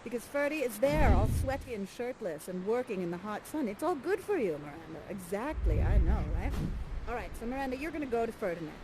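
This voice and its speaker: Heavy background noise surrounds a woman talking fast, her slightly high voice very animated. As an actor voicing Prospero, she leads players through improvised interactive theatre as a guide and father figure, playful, talkative and encouraging.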